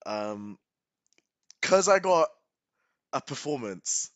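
A man playing a tabletop game, talking casually and haltingly, with pauses. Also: mid-range voice, very animated, no echo. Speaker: player.

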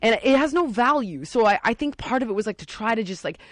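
Animated woman telling a story. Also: on the high side, fast talker, no room sound. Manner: animated, acts out quotes. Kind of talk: casual storytelling.

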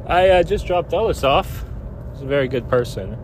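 A young man speaks close to tears, high-voiced and slow, going back and forth in self-criticism. He is in a car, with a faint hum of traffic outside. The talk is a loose, confessional vlog. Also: animated, darkish tone. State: on the verge of tears. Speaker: vlogger.

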